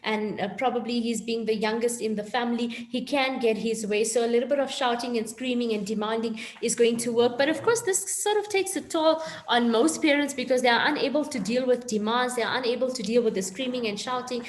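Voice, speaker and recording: A woman coach calmly explaining how to handle a child's tantrums during a panel discussion. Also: fairly high pitch, a little hiss or hum. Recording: echoey room.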